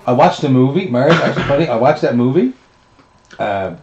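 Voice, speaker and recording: A man's voice: medium pitch, expressive, fairly quick, a little mellow, muffled recording. A man with a Newfoundland accent chatting casually on a game stream, often repeating words as he starts a sentence. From Newfoundland, Canada. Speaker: guest co-host. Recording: echoey room with game music.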